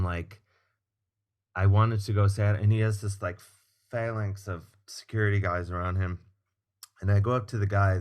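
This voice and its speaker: A man with a fairly low voice spins a casual story as a podcast guest. He is animated and swears freely. He acts out the people he quotes. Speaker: guest comedian and musician.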